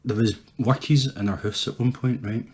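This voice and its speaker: A man's voice: mid-range voice, fairly even intonation, moderate pace. A Scottish man in his thirties, co-hosting a casual podcast chat, swearing often and laughing through his stories. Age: 30s. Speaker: podcast co-host.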